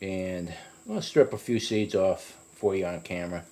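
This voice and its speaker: A man giving a casual, rambling review of a hot pepper, often restarting his sentences and climbing higher when he retells a story. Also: unhurried, darkish tone.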